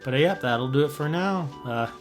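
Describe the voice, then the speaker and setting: A man in his thirties reading aloud and commenting as a video host, halting with many fillers and self-mocking asides. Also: fairly high pitch, expressive, soft background music.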